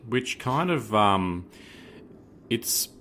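A very deep-voiced man co-hosting a casual podcast. He speaks in a measured, dry, slightly teasing way. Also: big pitch swings, sharp tone, a little hiss or hum. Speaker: podcast co-host.

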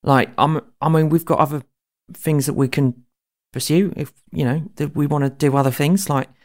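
A man's voice: fairly high pitch, fairly even intonation, normal speed. A man playing a tabletop game, speaking hesitantly with many ums and uhs. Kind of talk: casual chat.

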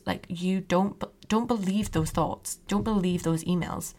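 A woman's voice: fairly low pitch, a little slow, darkish tone. A young woman hosting a personal podcast, talking openly in a chatty, reassuring way. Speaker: podcast host.

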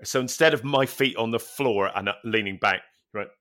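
Lowish in pitch and fairly quick, with hardly any pauses, a podcast co-host tells a story in casual conversation. He's animated, swears constantly, and keeps laughing.

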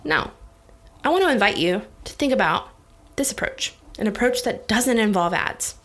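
Chatty, energetic woman business coach. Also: medium pitch, moderate pace. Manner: energetic, chatty, addresses listeners as guys and honey. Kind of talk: casual direct-to-camera coaching talk.

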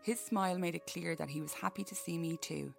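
A woman's voice: fairly low pitch, brisk, gravelly, soft background music. A woman hosting a podcast who reads a book aloud and breaks off for profane, jokey asides. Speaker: podcast host.

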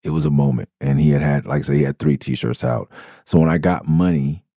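A man's voice: rumbling low, fairly even intonation, a little fast, creaky, warm tone, no room sound, clean studio sound. A man from Los Angeles hosting a podcast, telling rambling, profane stories about his early music days and correcting himself often. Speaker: podcast host. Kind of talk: casual storytelling about his music past.

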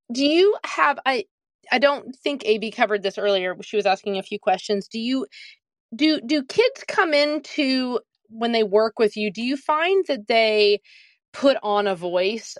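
A woman co-hosts a podcast and interviews a guest in a relaxed way. Her voice sits a little high, and the recording is dry and close. She often rephrases a question midway. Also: measured pace, no echo, rough recording. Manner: conversational, rephrases questions as she asks them. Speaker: podcast co-host.

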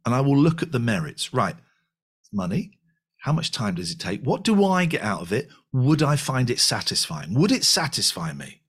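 A man's voice: mid-range voice, big pitch swings, normal speed, slightly rough. A man of about fifty, a podcast guest talking candidly and animatedly, with frequent restarts and repeated phrases. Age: 50s. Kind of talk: candid conversational reflection.

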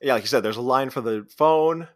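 A man's voice: medium pitch, brisk, dry recording, studio quality. A man co-hosting a podcast, animatedly retelling a movie's scenes in casual chat and acting out the characters' lines. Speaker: podcast co-host.

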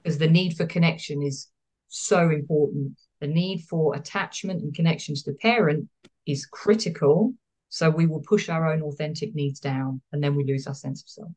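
A woman's voice: low-pitched, normal speed, darkish tone. A woman therapist, speaking as a guest in a podcast interview, explaining earnestly and repeating words for emphasis.

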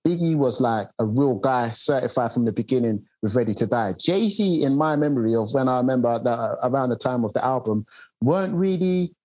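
A man's voice: medium pitch, animated, fairly quick, darkish tone. British DJ man chatting in an interview. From United Kingdom. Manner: conversational, repeats "do you know what I'm saying". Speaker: DJ and radio presenter.

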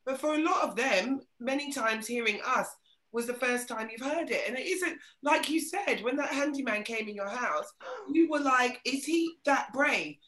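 A woman hosting a casual podcast panel chat, animated and acting out reactions as she talks. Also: sits high, normal speed, roomy sound. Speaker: podcast host.

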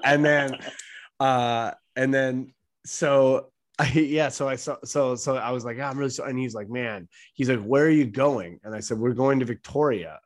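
A man's voice: medium pitch, fairly even intonation, moderate pace. A man, a comedian telling a story in casual, profane chat and laughing as he goes. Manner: laid-back, profane, laughs through stories.

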